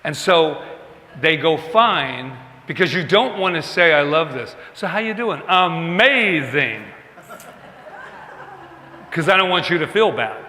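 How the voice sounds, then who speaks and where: A man's voice: a little high, sharp tone, a little hiss or hum. A male minister giving a conversational, self-mocking sermon, acting out quoted dialogue as he goes. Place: church sanctuary. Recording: long hall reverb.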